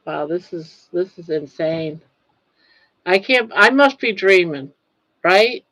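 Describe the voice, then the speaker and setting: A woman's voice: fairly low pitch, lively intonation, slow, fairly bright tone, dry recording, low-quality recording. An older woman hosting a casual livestream, chatting, reading viewer comments aloud, laughing often and sounding touched. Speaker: livestream host.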